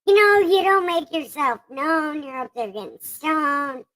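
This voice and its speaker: A woman's voice: sits high, animated, unhurried, fairly bright tone, pitched above the performer's own voice, poor audio. A woman voicing a whiny, groveling sinner who pleads with God in a comic scripture reading. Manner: whining, pleading, self-pitying.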